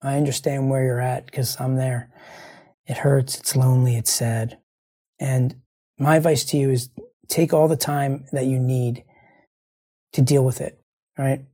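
A man's voice: mid-range voice, little pitch movement, measured pace, long pauses, dark tone. A man hosting a show, speaking in an earnest, rambling monologue to his listeners while grieving and close to tears, often repeating himself. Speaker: show host.

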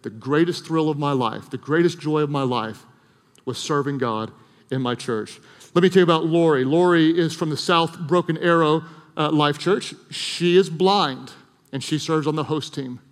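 A middle-aged man preaching a sermon in a large church, earnest, swelling to loud emphatic peaks and dropping to soft, hushed lines. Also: a little high, moderate pace. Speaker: pastor. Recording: long hall reverb.

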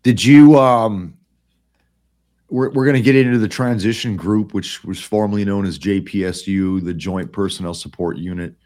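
A man's voice: lowish voice, moderate pace, darkish tone. A middle-aged man hosting a casual podcast, blunt and rambling, swearing often. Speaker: podcast host.

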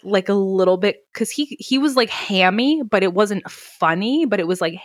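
A woman co-hosting a podcast, recapping a movie plot in casual chat, full of "like" and quick asides. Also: medium pitch, lively intonation, no room sound, studio quality. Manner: chatty, recaps plot with frequent "like" and laughs. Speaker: podcast co-host.

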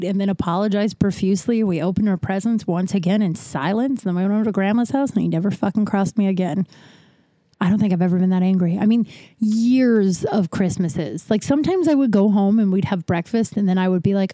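A woman's voice: medium pitch, dark tone, no echo. A woman hosting a podcast, telling a personal story frankly and with swearing, often stopping and restarting. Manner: frank and profane, halting with restarts. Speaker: podcast host. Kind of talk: candid storytelling monologue.

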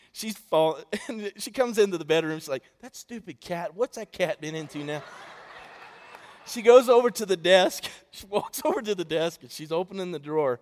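Male pastor, conversational storyteller, mid pitch, big echoey hall. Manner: storytelling, conversational, addresses the congregation. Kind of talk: sermon.

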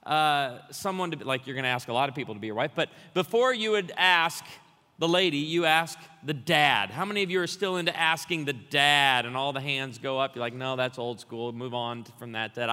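A man preaches a lively, joking sermon, spinning stories for the congregation. His fairly high voice has a bright, forceful edge, and long reverb rings through the church hall. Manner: humorous, storytelling, animated. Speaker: guest pastor.

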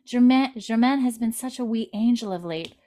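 A woman voicing a timid, devoted young maidservant in a put-on Scottish accent, soft and pleading. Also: fairly high pitch, normal speed, pitched above the performer's own voice, lightly acted.

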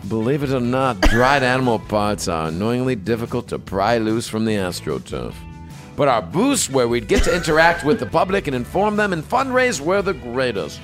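A man's voice: medium pitch, normal speed, over music. Playful man reading listener stories. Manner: playful, teasing, animated when reading. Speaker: podcast co-host.

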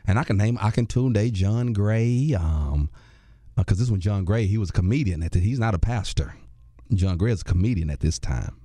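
A man, a comedian and radio host, telling a lively story in a conversational interview, acting out other people's voices with bursts of laughter. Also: lowish voice, normal speed, no room sound, studio quality.

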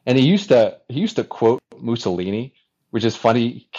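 A man's voice: medium pitch, normal speed, husky. Earnest man telling stories on a lo-fi recording. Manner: earnest, animated storyteller who often acts out remembered dialogue. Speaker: podcast guest, former Navy fighter pilot. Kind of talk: conversational storytelling. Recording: dull lo-fi recording.

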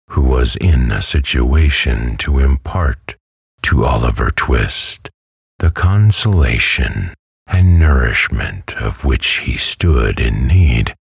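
A man narrating a classic novel as a bedtime story in a calm, soothing way. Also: a bass voice, creaky, breathy edge, no echo, studio quality. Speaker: audiobook narrator.

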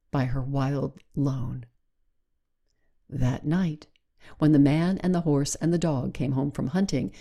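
A woman hosting a short storytelling show, reading a fairy tale in a slow, gentle, rhythmic way. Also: low voice, creaky. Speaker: story host. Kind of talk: storybook narration.

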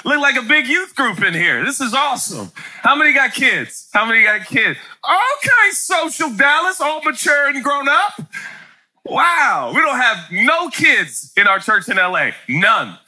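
Very bright, animated joking man preaching. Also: high-pitched. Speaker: pastor. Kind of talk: sermon. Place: church sanctuary with live congregation.

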